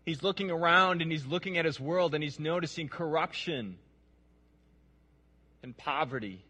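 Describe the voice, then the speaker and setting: An earnest man preaching and reading scripture, his voice sitting a little high for a man. He stumbles over repeated words and turns to quiz his listeners. The sound trails off in the long reverb of a large hall. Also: moderate pace, sharp tone. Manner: earnest, repeats words, asks the audience questions.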